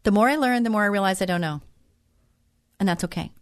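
A woman's voice: mid-range voice, fast, dry recording. Earnest, heartfelt woman talk show host. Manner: earnest and heartfelt, openly emotional. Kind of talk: inspirational faith talk monologue.

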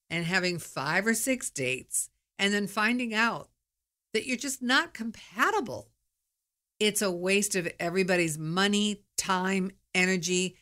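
A woman's voice: mid-range voice, a bit bright. A middle-aged woman hosting her own podcast, talking candidly in a chatty, storytelling monologue. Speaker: podcast host. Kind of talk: casual monologue.

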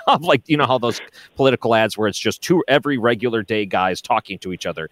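A man hosting a late-night radio talk show, relaxed and often laughing as he chats. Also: fairly low pitch, dry recording.

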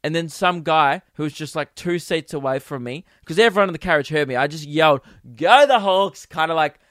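A young Australian man, a comedian hosting his podcast, telling a rambling story in a crude, self-amused way with bursts of loudness. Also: a little high, a little fast, no room sound, clean studio sound. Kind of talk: casual storytelling monologue.

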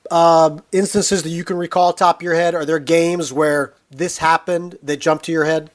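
A man interviewing an author, asking relaxed questions with a few fillers. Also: on the high side, normal speed. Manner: conversational, asks questions with fillers. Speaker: interviewer, sports writer.

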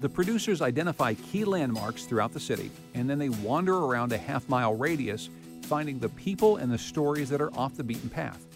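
A man hosting a public radio podcast, reading scripted segments and interviewing a guest in a measured, conversational way. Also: medium pitch, lively intonation, over music.

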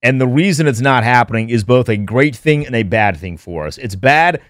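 A man hosting a sports radio show, laying out his points in a measured, matter-of-fact way. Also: medium pitch, animated, dry recording, studio quality. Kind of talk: sports talk radio banter.

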